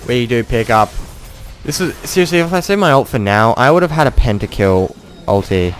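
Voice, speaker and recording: A young man gives chatty, self-mocking commentary over his own gameplay, acting out the things he said during the match. His medium-pitched voice is expressive and fairly quick, with faint music in the background.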